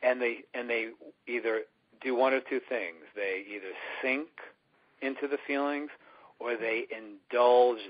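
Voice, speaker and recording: A man's voice: mid-range voice, steady tone, a little slow. A man speaking as an earnest spiritual teacher in a conversational radio interview, often acting out the inner voices he describes. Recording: dull lo-fi radio recording.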